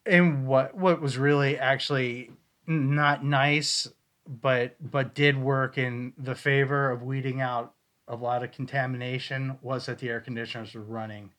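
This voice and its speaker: A man of ordinary pitch chatting loosely on a podcast. He rambles, restarts his sentences and breaks into excited bursts while going over ghost-hunt clips. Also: a little slow. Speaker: podcast co-host reviewing ghost-hunt audio. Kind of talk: casual chat.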